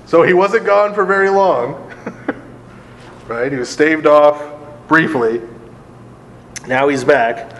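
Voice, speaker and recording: A man's voice: on the high side, slow pace, pauses often, fairly bright tone. Man teaching a Bible study in a hall. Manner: conversational, laughs often, checks in with "right?" and "okay?". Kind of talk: live Bible study lecture. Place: large hall with a live group.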